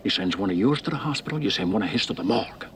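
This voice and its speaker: An actor playing a hard-nosed older Irish-American beat cop in a film clip, speaking in a low, hushed, gravelly way. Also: male voice, lively intonation, very fast, a little hiss or hum. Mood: menacing. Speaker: film character in a played clip. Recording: film clip with faint background ambience.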